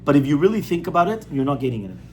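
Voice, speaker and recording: Rabbi teaching a small group; plain conversational delivery, repeats himself for emphasis, faint room noise. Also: male voice, a little high, sing-song, racing, mellow. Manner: conversational, repeats points, asks audience rhetorical questions. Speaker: rabbi giving a class. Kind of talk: informal Torah class on parenting.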